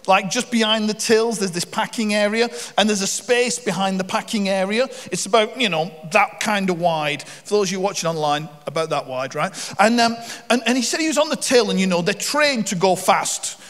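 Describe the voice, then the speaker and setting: A middle-aged man preaching as a guest, telling funny anecdotes in a lively way and acting out the people in them. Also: sits high. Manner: lively storyteller who acts out the people in his stories. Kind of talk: sermon with humorous anecdotes. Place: church hall. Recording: long reverb of a church hall.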